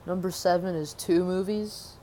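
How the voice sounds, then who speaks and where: A woman's voice: lowish voice, fairly even intonation, normal speed, dark tone, a little hiss or hum, poor audio. A young woman ranting sarcastically about movies in a rambling, casual way, full of "like". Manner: mocks movie characters in exaggerated voices. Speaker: movie reviewer. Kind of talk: casual movie review rant.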